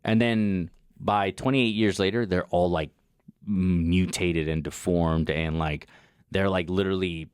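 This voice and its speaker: A young adult man co-hosting a casual podcast chat, an animated storyteller who acts out scenes with shouted quotes. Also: low voice, a little slow, clean tone, no room sound, clean studio sound. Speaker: podcast co-host.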